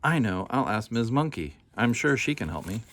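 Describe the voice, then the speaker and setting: A man's voice: mid-range voice, very animated, normal speed, a bit bright. A man voicing a tearful, pleading mother kangaroo in a picture-book reading. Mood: hopeful. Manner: weepy, pleading.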